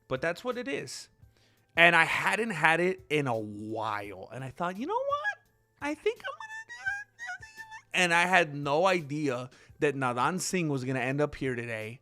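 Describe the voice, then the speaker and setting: Bright-voiced man rambling casually to chat. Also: medium pitch. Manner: rambling, talks back to chat comments. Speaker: channel host.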